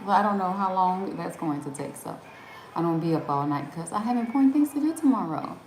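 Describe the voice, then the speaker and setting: A woman's voice: on the low side, lively intonation, fairly quick, darkish tone, echoey room, slight background noise. A woman with a Southern American accent, hosting a casual live stream and chatting with viewers, greeting them by name and laughing often. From Southern United States.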